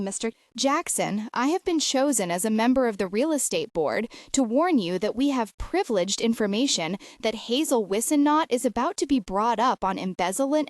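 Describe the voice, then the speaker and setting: A calculating businesswoman laying on a syrupy, put-on Southern drawl, every word dripping with false sincerity, as the woman reading the story puts her on. Her voice swoops and lilts, pitched a little high. The sound is dry and close. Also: no room sound. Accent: put-on Southern American. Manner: syrupy, fake-sincere, breathless. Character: scheming middle-aged woman faking Southern sweetness.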